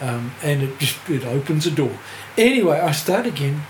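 A man's voice: a little high, big pitch swings, moderate pace. Older New Zealand man telling a rambling story. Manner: rambling, laughs through his story, swears freely. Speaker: guest, music writer. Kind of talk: casual anecdotal storytelling. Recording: echoey room with faint hiss.

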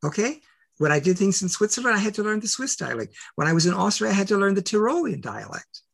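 An older man telling personal stories as an interview guest, emphatic and full of rhetorical questions, with a gravelly voice. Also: high-pitched, sing-song, fast, a bit bright. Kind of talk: animated personal storytelling.

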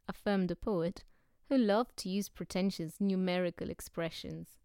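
A woman narrating a novel as an audiobook, with steady, even storytelling. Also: fairly low pitch, normal speed, creaky, clean tone, no room sound, studio quality.

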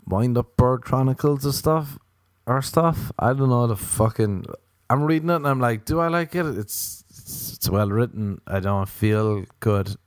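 A man's voice: on the low side, darkish tone, dry recording. A young Irish man hosting a podcast, rambling and swearing in a casual comic monologue, often slipping into playful quoted voices. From Ireland. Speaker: podcast host.

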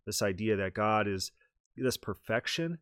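A man's voice: on the low side, expressive, measured pace, fairly bright tone, clear, resonant tone, no room sound, studio quality. A man hosting a teaching podcast, explaining ideas and reading quoted texts aloud with rising emphasis. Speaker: podcast host. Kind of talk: teaching podcast talk with read-aloud quotations.

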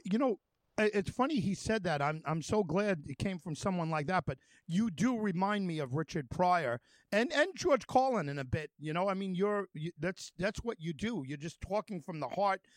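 A male radio host interviewing a guest, talking in halting, rambling runs with many fillers and restarts. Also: sits high, animated, dry recording.

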